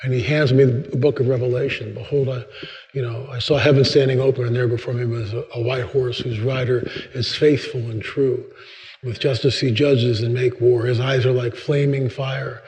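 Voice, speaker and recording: An older man, a guest speaker at a church, telling stories in a sermon, acting out voices with big jumps in pitch. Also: normal speed. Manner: animated storyteller, acts out dialogue with big pitch jumps. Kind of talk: storytelling sermon. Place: church sanctuary. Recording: long reverb of a church hall.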